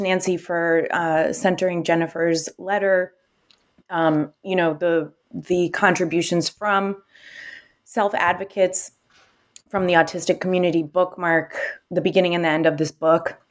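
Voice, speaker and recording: A woman hosting an interview, thanking her guests, friendly, with fillers. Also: lowish voice. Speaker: interview host.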